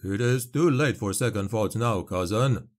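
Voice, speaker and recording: A man's voice: fairly low pitch, a little slow. A man voicing a fierce, oath-bound knight cousin in an audiobook, speaking fiercely.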